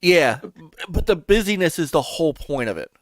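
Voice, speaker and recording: Man, podcast host, casual gaming chat, a touch high, dry close sound. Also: very animated, moderate pace, no room sound. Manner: chatty, restarts and laughs while talking.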